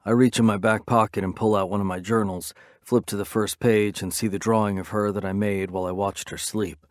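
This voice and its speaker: A man reads a romance audiobook in the first person, brooding and intense throughout. His voice sits fairly low, and the read is dry and close to the mic. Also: fairly even intonation, a little fast, dry recording. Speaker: audiobook narrator.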